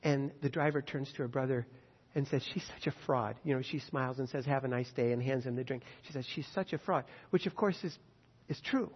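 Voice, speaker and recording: A man preaching a sermon, earnest and emphatic, slowing down on key phrases. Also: mid-range voice, slightly rough. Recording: dull sound with long hall reverb.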